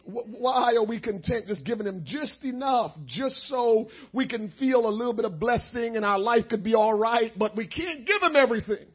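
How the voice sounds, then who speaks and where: High husky preacher, quiet to shouting. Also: male voice, animated, moderate pace, hardly any pauses, dull audio. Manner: swings from quiet to shouting, voice breaking with emotion. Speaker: pastor. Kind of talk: sermon.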